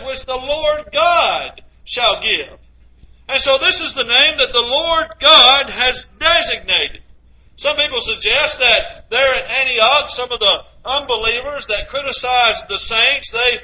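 A man's voice: extremely high pitch, bright, forceful tone. A man preaching a sermon, quoting scripture and asking his listeners rhetorical questions. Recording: dull lo-fi recording.

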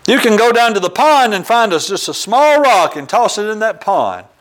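Male pastor, sermon delivery, earnest, homely examples, expressive high voice. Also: normal speed, rough recording. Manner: earnest, quotes scripture with chapter and verse; uses homely examples, occasional ums. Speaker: preacher.

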